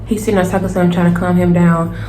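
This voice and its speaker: A young woman telling a storytime to her viewers, animated and casual, addressing them directly. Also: lowish voice, rapid-fire. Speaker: vlogger. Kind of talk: storytime vlog. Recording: roomy echo, faint noise.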